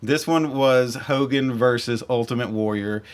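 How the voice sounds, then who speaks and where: A man's voice: medium pitch, unhurried, smooth. A man hosting a podcast, chatting casually and with enthusiasm, rambling and correcting himself as he goes. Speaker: podcast host. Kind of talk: casual chat.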